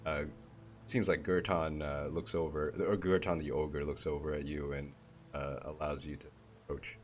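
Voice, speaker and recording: A man narrating a tabletop game as game master, halting and searching for words. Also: extremely low pitch, flat delivery, faint music behind. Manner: halting, many fillers and restarts.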